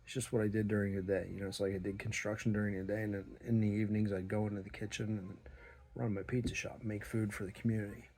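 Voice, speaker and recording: A middle-aged man telling a story about his small business in a blunt, profane, animated way, acting out the dialogue. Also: fairly low pitch, fast. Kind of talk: casual storytelling monologue.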